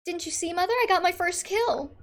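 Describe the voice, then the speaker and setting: A woman's voice: very high voice, fairly quick, pitched above the performer's own voice. A woman voicing an eager, bloodthirsty young boy in a game scene, speaking gleefully. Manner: gleeful, excited.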